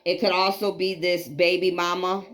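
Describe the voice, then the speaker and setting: A woman's voice: lowish voice, level tone, moderate pace, fairly bright tone. A woman in her late forties giving an emphatic, repetitive spiritual tarot reading, preachy and casually profane. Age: 40s. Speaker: psychic reader.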